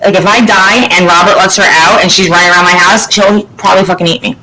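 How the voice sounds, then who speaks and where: Bright, animated woman telling stories. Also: mid-range voice, fast talker, low-quality recording. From Florida. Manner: animated storytelling, swears freely. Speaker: host. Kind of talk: casual chat.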